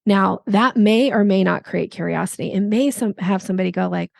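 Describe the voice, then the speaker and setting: Woman coach on a podcast, bit of fry, very dry mic, animated. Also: medium pitch, brisk, dry recording. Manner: animated, acts out voices in examples. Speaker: sales coach guest. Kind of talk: podcast interview.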